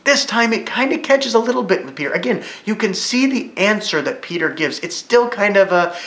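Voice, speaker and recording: A man teaching a Bible study lesson in a church, retelling the story vividly and rising with excitement at key moments. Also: sits high, brisk, few pauses. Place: church room. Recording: echoey room.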